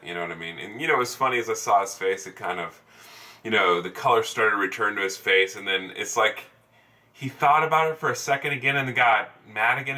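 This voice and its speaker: A man telling a casual story for his channel, rambling along with plenty of fillers and false starts. His voice sits a little low yet sounds bright and forceful, picked up from some distance away from the mic. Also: brisk. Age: adult, over ten years in sales. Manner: rambling, many fillers and restarts. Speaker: salesman vlogger.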